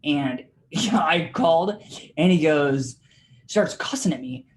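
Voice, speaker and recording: A man's voice: a little high, animated, takes it slowly. A man leading a real estate training class in a casual, chatty way, with lots of fillers and laughs as he tells stories, heard over a video call. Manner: chatty and informal, many fillers, laughs while telling stories. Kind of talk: casual teaching of a training session.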